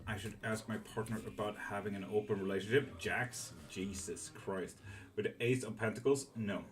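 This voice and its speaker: A man's voice: lowish voice, fairly even intonation, moderate pace. A man running a live tarot stream, chatting casually with viewers and rambling with fillers and the odd swear. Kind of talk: casual live-stream chat reading comments.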